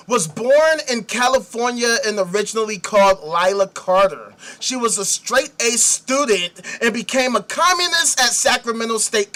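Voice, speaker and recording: A man with a high, bright voice hosts a talk show. He is animated and sarcastic, swearing constantly as he rants about an article he reads aloud. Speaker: podcast host. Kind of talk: profane commentary reading a news article.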